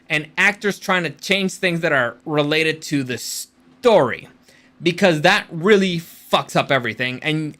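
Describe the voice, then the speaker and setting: Man, high-pitched, bright forceful tone, blunt rambling commentary, swears a lot. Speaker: channel host and screenwriter. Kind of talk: casual rant-style commentary.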